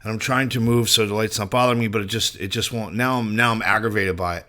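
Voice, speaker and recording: A male podcast host with a bright, forceful voice tells a casual story. He rambles and swears freely, and his delivery stays lively and unscripted. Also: lowish voice, quick pace. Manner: profane, rambling, animated storyteller.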